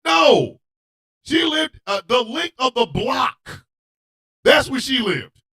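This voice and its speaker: Loud, high-voiced man telling a story. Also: slow. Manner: loud, animated, profane, often shouting. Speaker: radio show host. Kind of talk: storytelling comedy monologue.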